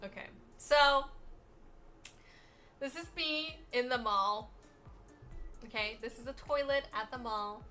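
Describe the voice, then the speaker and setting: A woman narrating a comic storytime, animated and full of swearing, dropping to mumbles and then rising loud. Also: on the high side, slow, pauses often, soft background music. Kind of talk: casual comedic storytime voice-over.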